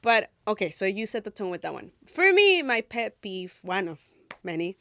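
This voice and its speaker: A woman co-hosting a podcast in casual chat, animated, repeating words as she thinks aloud. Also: mid-range voice, moderate pace, no echo. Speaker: podcast co-host.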